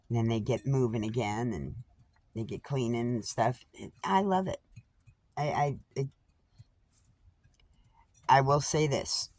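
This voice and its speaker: A woman's voice: a little mellow, no echo. A woman chatting casually to a camera on a tripod at home, blunt and profane, with y'all in her talk. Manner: coos high-pitched baby talk to her pet birds. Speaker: vlogger. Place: at home with pet birds.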